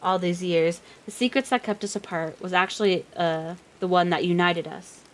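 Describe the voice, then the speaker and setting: A woman's voice: lowish voice, steady tone, moderate pace. A woman reading a novel aloud on a live stream, reading steadily and breaking off now and then for chatty reactions. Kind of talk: live read-aloud with asides.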